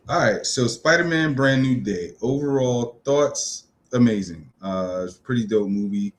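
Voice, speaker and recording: A man's voice: medium pitch, a little slow, hardly any pauses, a little hiss or hum. A man from New City, talking through a movie review in a loose, chatty way full of ums and uhs. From New York City. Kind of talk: casual spoken film review.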